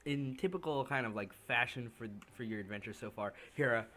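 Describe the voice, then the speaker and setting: A man's voice: mid-range voice, a little fast, very noisy. A man narrating a tabletop game as game master, loose and laughing, full of fillers.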